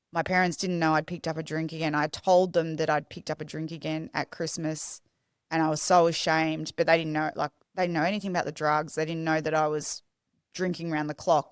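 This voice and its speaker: A young woman with a low voice tells her story as a podcast guest. She speaks in a raw, confessional way and often stops and restarts. The sound is close and dry. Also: clear, resonant tone, dry recording. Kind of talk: candid personal storytelling.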